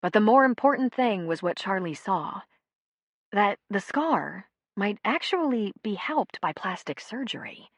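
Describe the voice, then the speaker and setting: A woman reading an audiobook in steady, even scripted narration. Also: medium pitch, measured pace, no room sound.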